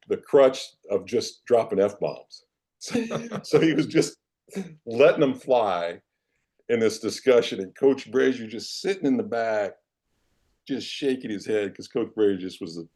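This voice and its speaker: Mellow-voiced man telling sports stories. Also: lowish voice. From Iowa, United States. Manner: animated, self-deprecating anecdotes. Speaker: interview guest, former football player and coach. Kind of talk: casual storytelling in a podcast interview.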